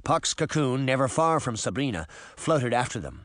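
Expressive man narrating a storybook. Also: mid-range voice, moderate pace, no room sound, clean studio sound. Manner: expressive, varied reading. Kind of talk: audiobook narration.

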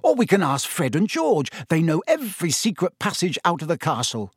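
A man's voice: a little high, huge pitch swings, normal speed, breathy edge, no room sound, clean studio sound, voice pushed up, heavily acted. A man doing a spirited, offhand schoolboy. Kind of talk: audiobook character voice.

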